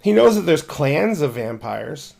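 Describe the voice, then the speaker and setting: Quick-talking male game master. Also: on the high side, sing-song, gravelly, darkish tone. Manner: quick, with many restarts. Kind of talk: narrating a tabletop game.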